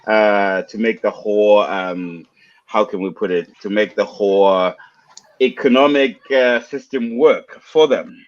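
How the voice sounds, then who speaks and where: A man's voice: on the low side, measured pace. A man on a discussion panel, arguing his points step by step. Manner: argumentative, building points step by step. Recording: muffled audio.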